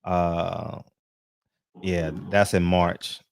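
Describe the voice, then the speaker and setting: A man co-hosting a casual barbershop-style talk show, relaxed and laughing often. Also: low-pitched, very slow, vocal fry, smooth, no echo, studio quality. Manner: laid-back, laughs often, says "you know what I mean". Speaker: podcast co-host. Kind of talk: casual chat.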